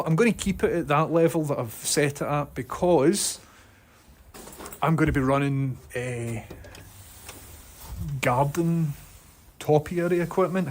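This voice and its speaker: A Scottish man chatting casually to viewers on a live stream, excitable and talkative, speaking into a phone mounted on his head at home. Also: mid-range voice.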